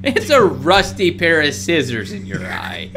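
Over a noisy background, a man with a slightly high voice and huge pitch swings speaks unhurriedly while co-hosting a horror game. His commentary ribs his partner with sarcastic jokes and swearing.

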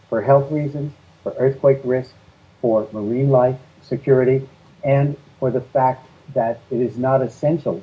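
A man's voice: medium pitch, dull audio. A man being interviewed as a guest, laying out his points steadily and in order. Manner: steady, methodical, lists points in sequence. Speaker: guest, energy policy advocate. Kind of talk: earnest interview answers.

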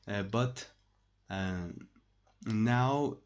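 A man teaching a French lesson online, patiently repeating each example and pausing to find his words. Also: lowish voice, lo-fi sound. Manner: thinks aloud with pauses and restarts.

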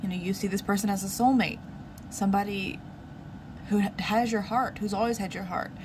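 A woman's voice: medium pitch, fairly even intonation, fairly quick, noisy background. A woman giving a casual tarot reading, musing aloud and repeating her questions to the cards. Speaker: tarot reader.

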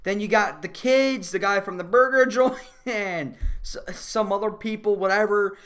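A movie reviewer ranting casually about a film, profane and exasperated, laughing often and getting loud at times. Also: mid-range voice, normal speed, clean tone. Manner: animated, rising to loud outbursts.

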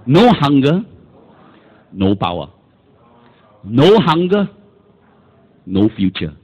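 A man's voice: mid-range voice, slightly rough, muffled recording. A man with a Malaysian English accent, preaching a sermon as pastor and calling the congregation for amens. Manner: emphatic, calls for amens and repetition.

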